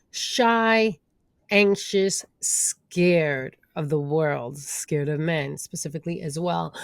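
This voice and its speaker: Expressive accented woman guest, dry sound. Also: mid-range voice, no room sound. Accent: non-native accent. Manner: expressive, acts out inner voices. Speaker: podcast guest, speaker and wedding officiant. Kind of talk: casual podcast conversation.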